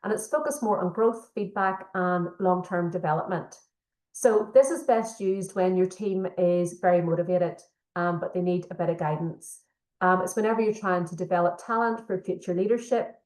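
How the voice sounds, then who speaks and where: A woman's voice: on the low side, moderate pace, darkish tone. A woman facilitating a leadership training session, explaining steadily with frequent fillers. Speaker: workshop facilitator. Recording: echoey room.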